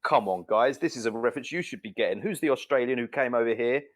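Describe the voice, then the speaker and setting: A man's voice: mid-range voice, quick pace. A British man, a guest on a podcast, chatting casually and joking. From Britain. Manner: animated, joking, does mock accents.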